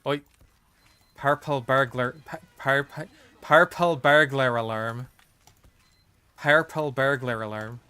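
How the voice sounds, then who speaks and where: A man putting on a to impersonate a deadpan comedian, drawling slowly. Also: mid-range voice, clear, resonant tone, no room sound. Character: Glaswegian comedian man, dry, absurd.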